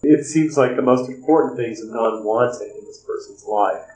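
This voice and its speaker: A man's voice: medium pitch, darkish tone. Man recapping a film in a roomy space. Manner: discursive, recounting scenes with frequent "uh" pauses. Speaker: film commentator. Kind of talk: spoken film analysis and recap. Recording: roomy echo.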